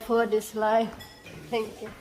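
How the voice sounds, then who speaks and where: A woman's voice: on the high side, monotone. A Filipino woman vlogging a backyard dinner with friends on her phone, chatty and playful, laughing often. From Philippines. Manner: giggly, slow and playful, greets everyone. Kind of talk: casual vlog chat at a dinner. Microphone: handheld phone camera.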